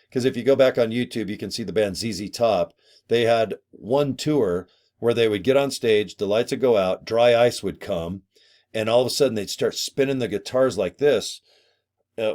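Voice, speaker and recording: A middle-aged man talking casually to camera in an excited, rambling way. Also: lowish voice. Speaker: vlogger.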